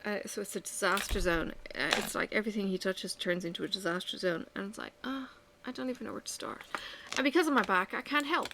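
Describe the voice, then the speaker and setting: A woman's voice: mid-range voice, fast, background noise. A woman chatting at home while she works on a craft, venting candidly about her day with frequent sighs. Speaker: vlogger. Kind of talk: casual chat while crafting.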